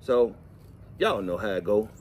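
A middle-aged man, chatting and telling folksy, animated stories to the camera outdoors while cleaning fish. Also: lowish voice, measured pace, slight background noise. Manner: folksy, animated, preachy asides. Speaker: vlog host. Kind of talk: casual storytelling chat.

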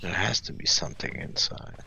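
A man's voice: fairly quick, sharp tone, slight background noise. A man giving casual, jokey gameplay commentary and talking back to the characters on screen. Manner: jokey, talks to game characters. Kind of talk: casual let's-play commentary.

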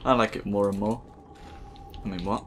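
A man's voice: lowish voice, steady tone, normal speed, a crowd in the background. A man giving casual let's play commentary over a game, sarcastic and mumbling, with swearing. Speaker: gaming video host.

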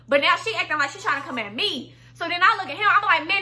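A young woman spins a storytime tale for her channel, her voice high and very bright. She talks loose and slangy, swears freely, and jumps into her own angry lines as she retells them. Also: lively intonation, fast talker. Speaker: storytime vlogger. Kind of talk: casual storytelling to camera.

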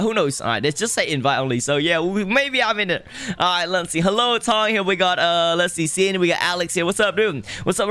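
A man's voice: sits high, sharp tone, clean tone, dry recording. A young man live-streaming a game, chatting casually and greeting viewers in the chat one after another.

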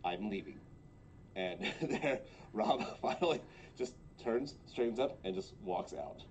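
Man player in a tabletop game, lowish voice, light background hiss. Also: sing-song, unhurried. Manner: earnest, narrates his actions. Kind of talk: tabletop role-play.

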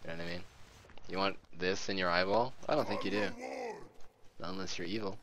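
A young man giving live commentary on his own video game match, joking and swearing, and breaking into excited shouts. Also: sits low, brisk, a little hiss or hum. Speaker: gamer streaming his match.

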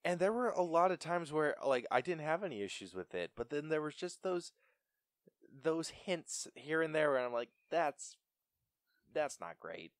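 A young man co-hosting a podcast, chatting casually about a film with an animated, stumbling delivery and frequent laughs. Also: a little high, normal speed, no room sound, studio quality. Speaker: podcast co-host. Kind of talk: casual film review chat.

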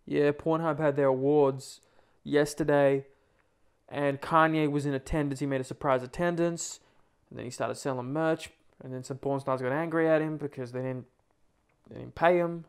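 A young Australian man co-hosting a casual music reaction. He talks bluntly with dry, sarcastic asides. His voice sits a touch high for a man. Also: fairly even intonation, normal speed, clean tone. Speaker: music review co-host.

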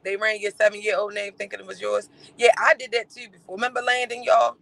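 A man doing livestream gossip commentary in a sassy, campy, teasing way, with drawn-out exclamations and laughter. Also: high voice, completely flat delivery, creaky, bright, forceful tone, low-quality recording.

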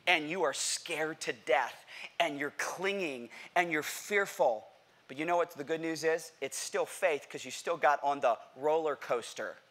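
A man preaching a sermon to a church congregation, animated and playful, asking the crowd questions and acting out what people say. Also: a little high, a little slow. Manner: animated, playful, acts out quotes; addresses congregation directly with questions. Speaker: pastor. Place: church sanctuary.

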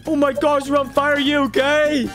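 A man voicing an excitable, whiny little baby boy during gaming role-play commentary, squealing and exclaiming constantly. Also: extremely high pitch, moderate pace, soft background music. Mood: excited.

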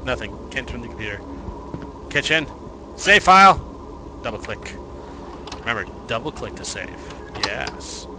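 A man's voice: fairly low pitch, steady tone, moderate pace, noisy background. A man giving horror game commentary, narrating his own moves with joking asides to himself. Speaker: let's play host.

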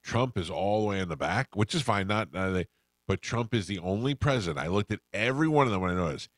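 A middle-aged man hosts a radio show, rambling through a story and playing every person in it. His voice sits very low. The studio sound is dry and close. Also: animated, fast talker, dry recording. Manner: rambling anecdotes, acts out quoted voices. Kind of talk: casual storytelling chat.

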